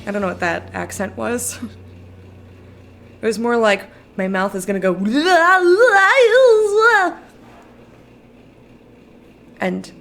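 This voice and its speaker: A woman's voice: mid-range voice, fairly even intonation, moderate pace, vocal fry, pauses often. A tired woman chatting casually on a live stream, rambling, laughing often and answering her chat. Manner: giggly, rambling, reads chat aloud. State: sleepy.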